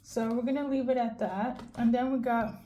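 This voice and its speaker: A woman's voice: fairly high pitch, steady tone, normal speed, warm tone. A woman giving a casual tarot reading straight to the viewer, chatty and candid, checking in with "okay?" as she goes. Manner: chatty, addresses viewer directly, frequent "okay?" check-ins; conversational and candid, occasional swearing. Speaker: tarot card reader. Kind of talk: casual intuitive card reading to camera.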